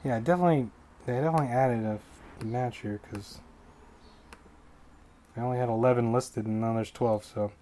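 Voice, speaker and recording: A man's voice: medium pitch, normal speed, long pauses, dark tone, slight background noise. Rambling, jokey male podcast host. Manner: rambling, jokey, self-correcting. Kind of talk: casual solo fight predictions.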